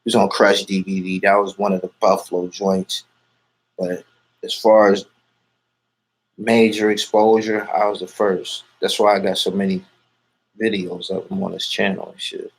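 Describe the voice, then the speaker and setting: A man's voice: sits low, level tone, moderate pace, breathy edge. A man being interviewed, talking in a boastful, profane and rambling way. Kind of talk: casual street talk.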